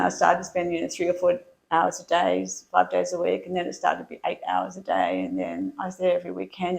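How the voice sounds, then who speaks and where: A middle-aged woman telling her story as an interview guest, chatty and quick to laugh. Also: on the low side, gravelly, low-quality recording. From Australia.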